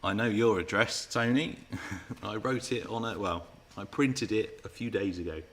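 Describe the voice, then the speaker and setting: On his live Q&A stream, the RC car channel host chats with viewers, reads their comments, and teases them in a playful way. He talks at normal speed in a fairly low, fairly bright male voice.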